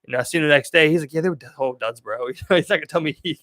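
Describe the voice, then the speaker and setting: A man's voice: fairly high pitch, rapid-fire, a bit bright, no room sound, studio quality. A young man from Maryland telling loose, profane stories as a podcast host, laughing as he goes. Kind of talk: casual chat, storytelling.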